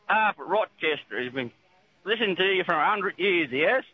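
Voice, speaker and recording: A man's voice: high-pitched, lively intonation, moderate pace. A man with an Australian accent calling in to a radio show, laconic and plain-spoken. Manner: laconic, calls everyone mate. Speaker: caller. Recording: dull phone line with faint hiss.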